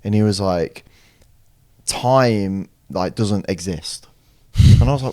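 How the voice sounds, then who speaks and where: A man's voice: on the low side, slow pace. A young man on a podcast, chatting casually and acting out friends' lines as he tells stories. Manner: animated storyteller, acts out friends' lines. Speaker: podcast co-host. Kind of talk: casual chat.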